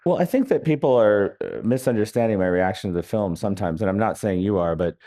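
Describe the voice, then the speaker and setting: A very low-pitched man speaks on a festival stage in front of an audience. He tells long, wry stories that wander, full of pauses and small restarts, in an easygoing interview tone. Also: lively intonation, mellow. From United States. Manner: wry, rambling anecdotes with many hesitations. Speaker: author being interviewed. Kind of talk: live onstage interview.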